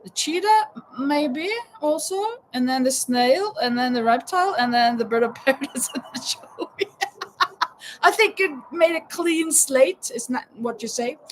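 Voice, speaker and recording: A woman's voice: sits high, expressive, moderate pace, slight background noise, rough recording. A woman in her fifties hosting a live chat and quiz, laughing often and exclaiming "oh my goodness.". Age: 50s. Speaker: livestream host running a quiz.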